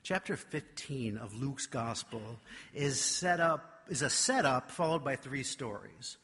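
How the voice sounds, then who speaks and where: A man delivers a storytelling sermon in a slightly husky, bright voice pitched a little high. He carries the tale with animated, self-mocking energy. His words ring with a long echo through a large church hall. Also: a little slow. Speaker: preacher.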